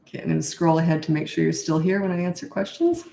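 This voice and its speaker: A middle-aged woman parenting coach, sounding tired, speaks fast in a low-pitched, gravelly yet mellow voice with fairly even intonation. In a live question-and-answer talk recorded in an echoey room, she gives blunt, emphatic advice and acts out her replies to kids.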